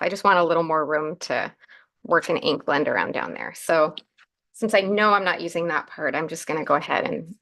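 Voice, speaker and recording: Gravelly-voiced woman hosting a craft livestream. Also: medium pitch, fairly bright tone. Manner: chatty, narrating each step as she works. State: groggy morning voice. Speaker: craft show host. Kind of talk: live crafting demonstration.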